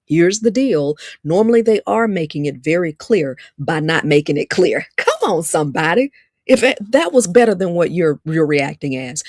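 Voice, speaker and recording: A woman hosting a lively teaching talk, playful and preacher-like, repeating key lines for emphasis. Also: lowish voice, normal speed, dry recording, studio quality. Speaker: relationship teacher and host.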